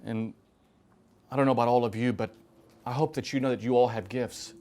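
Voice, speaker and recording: Priest telling stories to a hall. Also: male voice, mid-range voice, fairly even intonation, a little fast. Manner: storytelling with acted quotes, swinging from loud to hushed. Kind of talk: sermon.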